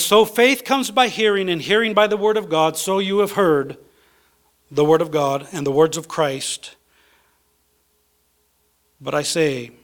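A man's voice: a little high, a bit bright. A man as pastor preaching a sermon in a church, reading scripture and repeating key phrases for emphasis. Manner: reads scripture aloud with fillers between.

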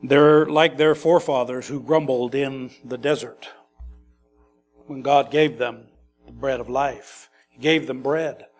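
A man preaching an expository sermon in a conversational, animated way, acting out quotes and adding quick asides. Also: medium pitch, soft background music. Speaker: pastor.

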